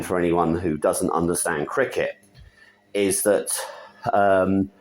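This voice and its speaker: A man from Britain delivering an angry opinion rant to camera, emphatic, with quick muttered asides. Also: fairly even intonation. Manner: indignant, emphatic, with sudden pitch jumps and quick muttered asides. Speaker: video commentator.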